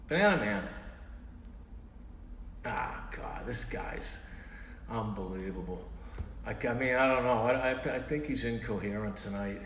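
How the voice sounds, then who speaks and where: A man hosting a live stream, exasperated, shouting for an answer and muttering curses under his breath. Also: lowish voice, unhurried, long pauses. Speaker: stream host. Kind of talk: casual live-stream comedy bit. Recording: echoey room with long reverb, faint hiss.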